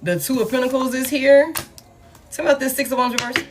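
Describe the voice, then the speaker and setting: A woman's voice: sits high, steady tone, fast talker, faint music behind. A woman giving a casual tarot reading in a blunt, profane manner, with laughing asides. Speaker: tarot reader.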